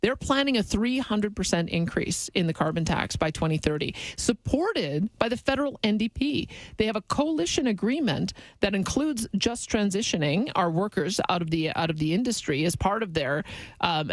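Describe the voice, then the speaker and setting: Politician, played clip, halting, repeats words, mid pitch, dry recording. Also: animated, no echo, rough recording. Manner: halting, repetitive restarts. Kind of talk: political statement.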